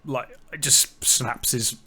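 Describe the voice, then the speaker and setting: A man's voice: mid-range voice, takes it slowly, breathy edge. A man co-hosting a film podcast, casually recapping scenes and quoting lines. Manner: retells scenes with quoted lines, relaxed. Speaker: podcast co-host. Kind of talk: casual film review chat.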